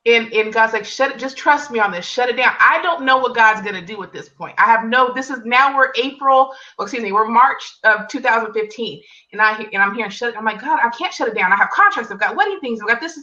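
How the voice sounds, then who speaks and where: A woman telling a personal story in casual conversation, acting out quoted lines. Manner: animated storyteller, acts out quotes in higher pitch. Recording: distant mic, dull lo-fi sound.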